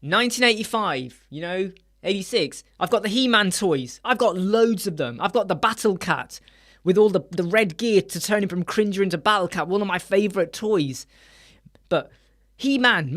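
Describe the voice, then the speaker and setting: A man, hosting a casual live stream chat from a small room lined with soundproof panels, animated and acting out quoted voices. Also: high-pitched, moderate pace.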